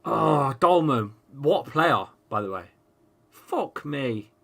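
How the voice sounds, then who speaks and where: This watchalong host has a fairly high, creaky voice and speaks at a slow pace. Excitable and profane, he rants at the football match he's streaming live and reads out messages from his viewers' chat.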